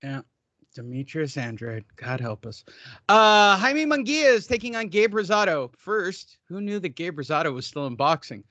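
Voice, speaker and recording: A man hosting a casual boxing podcast, excitable and joking, often cutting in with quick remarks. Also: high voice, no room sound. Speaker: podcast host. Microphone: headphones, podcast mic.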